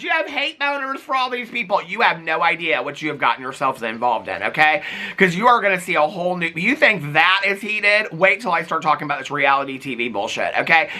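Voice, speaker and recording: Bright-voiced dramatic gossipy man. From Indiana. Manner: animated and dramatic, gossipy, big pitch jumps. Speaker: reality TV commentator. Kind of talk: casual chatty vlog.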